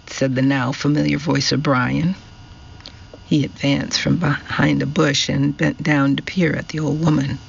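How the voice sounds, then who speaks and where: A man narrating an audiobook in a measured, steady reading. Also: on the high side, creaky, breathy edge, dull audio.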